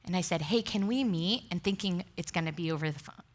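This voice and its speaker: A woman's voice: lowish voice, fast talker. A middle-aged woman pastor giving a sermon, telling candid, self-deprecating stories to a congregation. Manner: candid, self-deprecating storytelling with frequent laughter. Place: church sanctuary before a congregation.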